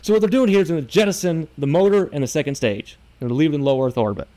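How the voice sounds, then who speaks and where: A man's voice: a little high, rapid-fire, dark tone, natural voice. A man from Minnesota voicing a folksy Texan car salesman with a put-on drawl, co-hosting a comedy podcast. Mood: salesman pitch. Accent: put-on Texas drawl. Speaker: podcast co-host.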